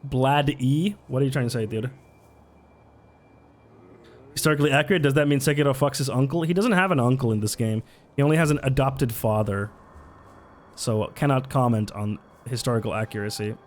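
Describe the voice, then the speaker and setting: A man's voice: mid-range voice, a little fast, long pauses. A man chatting casually as he streams a video game and reads chat. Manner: chatty, swears often, reacts to chat. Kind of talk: casual gameplay commentary.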